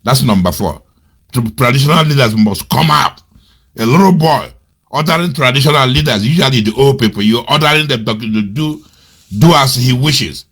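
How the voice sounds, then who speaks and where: A man with a husky voice, giving angry, scornful political commentary. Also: lively intonation, moderate pace. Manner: scornful, indignant, repeats insults, swings between loud outbursts and low mutters. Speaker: commentator on a web radio show. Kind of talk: angry political commentary, reading out and mocking quotes.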